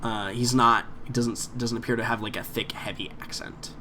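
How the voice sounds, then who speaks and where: A man's voice: medium pitch, fairly even intonation, moderate pace, bright, forceful tone, slight background noise. A man narrating as game master in a tabletop game, rambling with many fillers and restarts.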